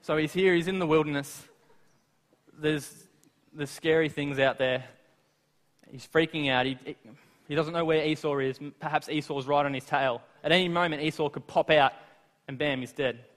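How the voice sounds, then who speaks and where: Male preacher, slightly high-pitched, chatty retelling of scripture, recorded with long hall echo. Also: moderate pace. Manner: lively retelling of scripture with asides to the listeners. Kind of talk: sermon. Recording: long reverb of a large hall.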